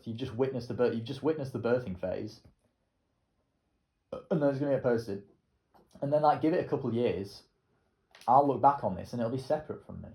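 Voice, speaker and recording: A man's voice: mid-range voice, lively intonation, brisk, mellow, echoey room. Casual swearing young man gaming. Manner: casual, swearing, self-mocking, rambling. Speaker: gaming video creator. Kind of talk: rambling commentary while playing a racing game.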